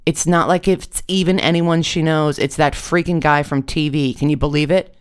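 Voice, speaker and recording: A woman's voice: low voice, fairly even intonation, normal speed, clean tone, lightly acted. A storyteller voicing a blunt, brash young woman. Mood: exasperated. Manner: blunt, exasperated, swearing. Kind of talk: storytelling read-aloud.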